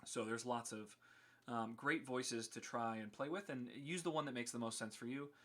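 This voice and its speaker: A man's voice: mid-range voice, normal speed, fairly bright tone. A man casually explaining his code on a live stream, chatty with many ums and restarts.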